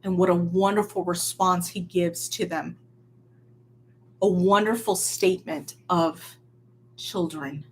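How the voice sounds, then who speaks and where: A woman preaching a sermon in an earnest, emphatic way, swinging between loud stresses and quiet, near-hushed lines. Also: lowish voice, fairly even intonation, slow pace, a little hiss or hum.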